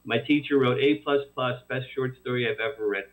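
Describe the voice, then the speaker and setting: A man being interviewed about his novel, telling it in a rambling, animated way with many restarts. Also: medium pitch, fairly quick. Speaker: author guest. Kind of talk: casual radio interview. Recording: tinny phone line.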